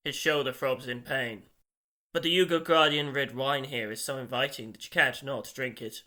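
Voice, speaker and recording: A man narrating an audiobook in a steady storytelling voice. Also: medium pitch, normal speed. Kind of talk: scripted narration.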